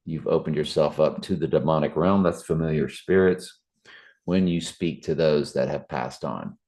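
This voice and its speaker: A man's voice: rumbling low, moderate pace, darkish tone. A middle-aged man, talking in an earnest, preachy way with fillers and restarts. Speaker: Bible study channel host. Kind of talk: casual spoken reflection.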